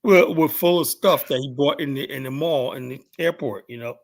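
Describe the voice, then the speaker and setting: A man's voice: mid-range voice, normal speed. A man from the United States hosting a casual chat, telling stories with lots of profanity and acted-out quotes. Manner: profane, animated storytelling with quoted voices.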